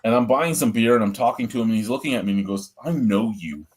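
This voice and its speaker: A man's voice: medium pitch, racing, darkish tone. Blunt, profane man telling stories. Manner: blunt, profane, rambling storyteller. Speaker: host of a beer review show. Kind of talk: casual storytelling chat.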